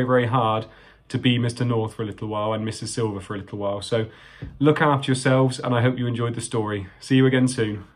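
A man, a teacher reading a picture book and talking kindly to young children. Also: mid-range voice. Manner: animated, warm-hearted storyteller talking to small children.

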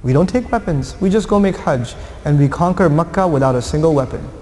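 A man giving an animated religious lecture, telling a story and acting out the voices of the people in it. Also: a little high, brisk. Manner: storytelling, acts out quoted voices. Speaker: Quranic lecturer. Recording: echoey hall with faint ambience.

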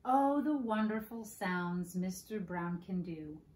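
A woman hosting preschool story time, reading picture books aloud in a slow, sing-song way and playfully acting out animal noises for children. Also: fairly low pitch, lively intonation, a little mellow, roomy sound.

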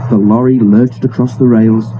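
A man narrating a children's railway story in a steady, measured reading, recorded on an old phone. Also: medium pitch, lo-fi sound, a little hiss or hum. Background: music.

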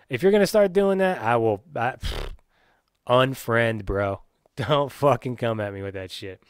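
A man's voice: medium pitch, animated, moderate pace, clean tone, no echo, studio quality. A man from Pennsylvania, hosting his own podcast and ranting in a profane, rambling way, full of restarts and fillers. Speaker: podcast host.

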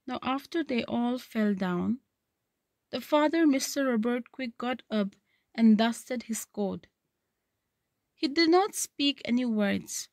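A woman's voice: fairly high pitch, animated, takes it slowly, darkish tone, no room sound. Woman teacher explaining a story, dry close sound. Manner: reads a passage then paraphrases it, with checking "okay". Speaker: literature teacher. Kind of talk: reading a story aloud and explaining it.

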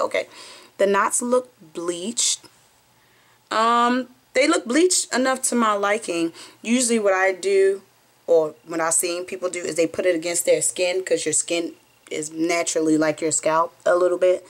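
A young woman with a Southern US accent, chatting excitedly as she unboxes a package for her vlog, recorded on a phone at home. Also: on the low side, normal speed. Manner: chatty, bubbly and excitable, squeals with delight. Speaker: beauty vlogger. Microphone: phone camera.

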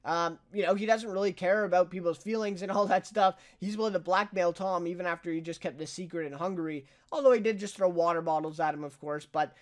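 A man's voice: high-pitched, fast talker, hardly any pauses. A young man casually recapping a TV episode as a reviewer, chatty and full of fillers, laughing now and then. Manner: chatty, filler-heavy, laughs while retelling scenes.

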